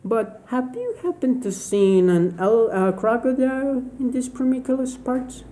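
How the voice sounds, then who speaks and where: A woman voicing a polite, curious young elephant calf in a storybook retelling, speaking haltingly. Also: on the high side, lively intonation, dark tone, a little hiss or hum, voice pushed up. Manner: hesitant, halting reading.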